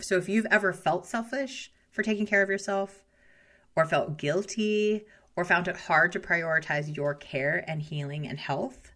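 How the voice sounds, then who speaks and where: A woman's voice: on the low side, bright, forceful tone. A woman talking straight to her audience in an earnest, encouraging way, sharing her own experience as a creator. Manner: earnest, encouraging, addresses listener directly. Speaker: wellness content creator. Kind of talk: heartfelt direct-to-camera talk.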